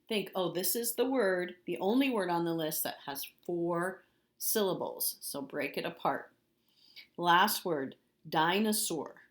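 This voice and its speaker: A middle-aged woman teaching a spelling lesson to young children. She speaks slowly and deliberately, sounding out each letter and syllable, and her voice sits low for a woman. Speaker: third grade teacher.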